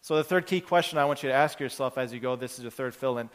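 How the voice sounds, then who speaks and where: A pastor talks fast in a clear, resonant, middle-pitched voice, preaching earnestly and conversationally. He restarts phrases as he works through everyday examples, and the recording carries a large church hall's long reverb.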